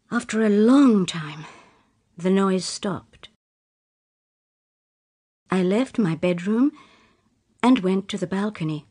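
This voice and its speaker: Cast: woman narrator, slow clear storybook reading for learners, mid pitch. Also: a little mellow. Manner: plain, slow and clear reading in short sentences. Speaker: story reader.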